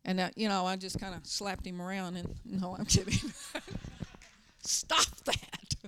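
A woman's voice: mid-range voice, expressive, unhurried, noisy background. A middle-aged woman pastor preaching a sermon, telling stories with emphatic, urgent bursts. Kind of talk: sermon with personal storytelling.

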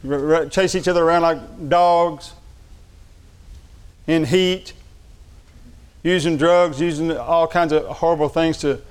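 Slightly high-voiced male preacher. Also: fairly even intonation, unhurried, long pauses, clear, resonant tone. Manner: reads funny anecdotes aloud and laughs along; shifts between light storytelling and earnest preaching. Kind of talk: sermon.

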